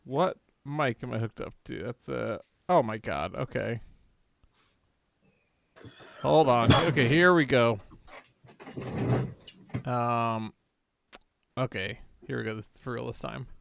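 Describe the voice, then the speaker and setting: A man co-hosting a casual gaming podcast, talking slowly and hesitantly. His voice has a gravelly, creaky edge. The delivery is low-key and mumbled. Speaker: podcast co-host. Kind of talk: casual chat.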